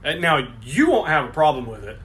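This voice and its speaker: A man's voice: a little high, very animated, a little fast, a bit bright, slight background noise. Hesitant man reading out quiz questions. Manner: hesitant, many restarts, laughs often. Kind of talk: casual chat.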